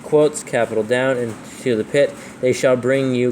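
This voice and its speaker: A man proofreading scripture aloud, reading slowly and calling out every comma, quote and capital letter. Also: medium pitch, fairly even intonation, a little mellow, slight background noise. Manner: reads slowly, spelling out punctuation and capitals. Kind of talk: dictating text with punctuation.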